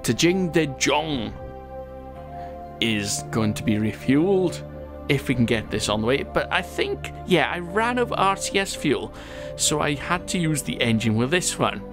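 A man's voice: on the high side, very animated, unhurried, music in the background. A man giving casual, chatty gameplay commentary, laughing often as he reads viewer comments. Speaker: gaming channel host.

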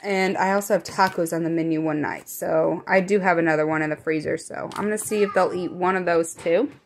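A woman's voice: fairly low pitch, steady tone, a little fast, a little hiss or hum. A young woman in a casual home vlog, chatting in a rambling way and often correcting herself. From American Midwest. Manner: whispering. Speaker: vlogger. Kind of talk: casual grocery haul chat.

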